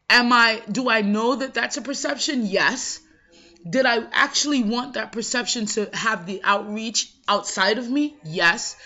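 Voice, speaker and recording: A Jamaican-born podcast host delivers a motivational monologue conversationally, throwing in emphatic rhetorical questions. Her voice is on the high side, pushed and bright, and the recording sounds dull and lo-fi.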